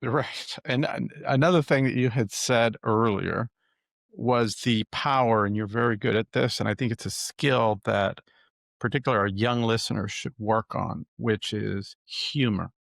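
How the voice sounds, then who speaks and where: A man hosting a podcast, asking questions in an easygoing, measured way. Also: medium pitch, vocal fry, a bit bright, no echo, studio quality. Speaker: podcast host. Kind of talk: casual interview chat.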